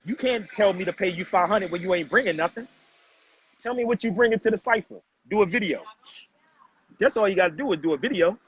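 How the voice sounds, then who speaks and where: This high-pitched, husky man talks a little fast while hosting a casual livestream. He lectures his viewers and calls out a commenter, preachy and confrontational, addressing chat as family. The audio sounds dull and muffled, typical lo-fi livestream quality.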